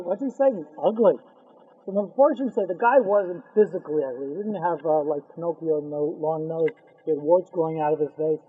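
A man teaching a Torah class, telling a Talmud story and acting out its characters with sudden loud outbursts. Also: high-pitched, slightly rough. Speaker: rabbi giving a Torah class. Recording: tinny phone-line sound.

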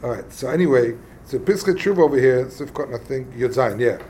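A man teaching a casual text study lesson, explaining passages in a halting, conversational way and acting out quarrels. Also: mid-range voice, lively intonation, dark tone, a little hiss or hum. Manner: halting, explains texts plainly and acts out quarrels. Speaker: religious teacher.

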